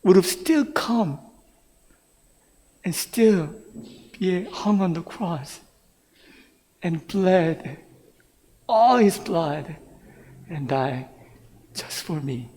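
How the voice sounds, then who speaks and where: Speaking extremely slowly with frequent pauses, a middle-aged pastor from Brooklyn, New York, tells his own story in a sermon that alternates English and Korean. His high, mellow voice has lively intonation, he laughs now and then, and the church sanctuary lends long reverb.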